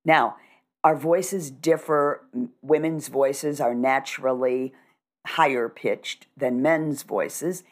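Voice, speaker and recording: A middle-aged woman with a low, grounded voice explains how to speak with presence. She talks in a measured, instructive way, sure of what she teaches. Her delivery is calm and conversational. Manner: instructive, measured and assured, demonstrates voice techniques. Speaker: communication coach. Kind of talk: conversational podcast interview.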